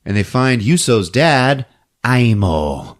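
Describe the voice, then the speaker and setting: Male podcast host, casual and animated, with a wildly swinging pitch as he retells scenes. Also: slow pace. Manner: animated storytelling, acting out scenes. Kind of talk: casual movie recap.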